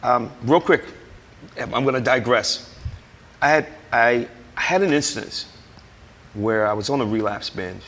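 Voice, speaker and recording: A man appearing as a guest tells the story of his recovery, preaching it emphatically and acting out the lines he quotes. His mid-range voice is slightly bright and unhurried, with long pauses, and it sounds like he's in a large hall.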